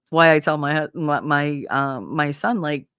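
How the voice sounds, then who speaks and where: A woman's voice: low voice, moderate pace, fairly bright tone, clean tone, no echo, clean studio sound. A woman from New Jersey with a Jersey accent and a slight Southern twang, hosting a podcast as casual, opinionated chat, blunt and profane. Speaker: podcast host.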